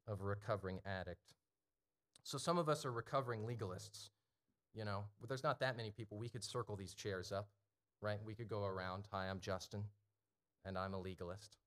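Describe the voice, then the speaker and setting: A man in his thirties gives a sermon in an easy, talking-to-the-room way, checking in with his listeners. He leans hard on key lines, slowing down and pressing each word when he drives a point home. His voice sits at an ordinary middle pitch. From Ohio. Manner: conversational preaching that swells to emphatic, slowed declarations. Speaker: pastor.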